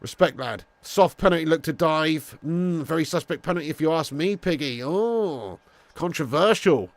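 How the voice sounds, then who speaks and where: A man hosting a live football watch-along, chatting casually to viewers, swearing freely, and getting loud when calling goals. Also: on the high side, moderate pace, no room sound. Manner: casual, laddish, swears freely, calls viewers mate and lad. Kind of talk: live streamed football commentary and chat.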